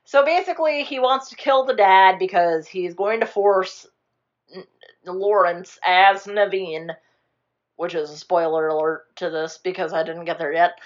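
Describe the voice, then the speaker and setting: A woman's voice: on the low side, a little slow, highs cut off. A young woman chatting casually, rambling through a movie plot, swearing now and then and acting out the characters' lines. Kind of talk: casual chat retelling a movie.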